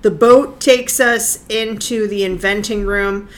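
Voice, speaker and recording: A woman's voice: medium pitch, steady tone, slow, slight background noise. A woman co-hosting a podcast, chatting casually and enthusiastically about a film, laughing often and restarting her sentences. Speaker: podcast co-host. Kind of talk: casual film discussion chat.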